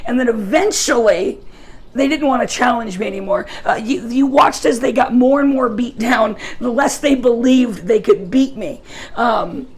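Joking high-voiced woman preaching. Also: moderate pace, slightly rough. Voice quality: high-pitched. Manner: joking, self-mocking storyteller. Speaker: youth pastor. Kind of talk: sermon.

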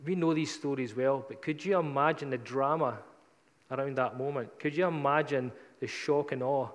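A man's voice: medium pitch, big-room sound. A man preaching a sermon, retelling scripture in a casual, conversational storytelling way.

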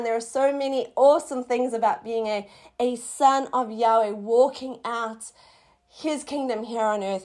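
A middle-aged woman hosting a faith talk, telling a personal testimony in a casual, excitable way with sudden high exclamations. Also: normal speed. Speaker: faith podcast host.

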